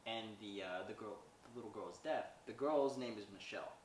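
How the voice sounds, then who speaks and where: A man's voice: lowish voice, a little fast, recorded from a distance, slight background noise. A man hosting a podcast, recapping a movie in a rambling, chatty way and acting out the characters' lines. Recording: roomy sound from away from the mic.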